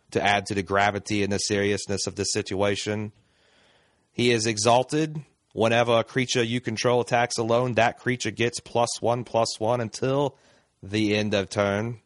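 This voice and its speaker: A man's voice: on the low side, dry recording, studio quality, lightly acted. A man doing a grandiose filibustering senator. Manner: slow, mock-grave parliamentary oratory.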